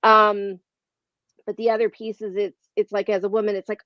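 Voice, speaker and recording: A woman's voice: mid-range voice, level tone, normal speed, fairly bright tone, no room sound, lo-fi sound. A woman speaking candidly on a panel, loose and conversational with many fillers.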